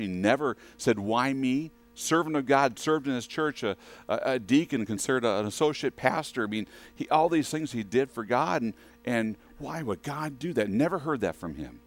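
Here a western US preacher talks to his congregation conversationally, often putting questions to them. He speaks at a normal speed in an animated, mid-pitched voice.

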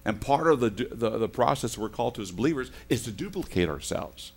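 A middle-aged man delivers a sermon as the church's pastor. He talks in a casual, storytelling way, correcting himself as he goes. His voice dips into quiet asides and then climbs to loud, emphatic bursts. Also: mid-range voice, animated, fairly quick, breathy edge. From United States. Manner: conversational storytelling with self-corrections.

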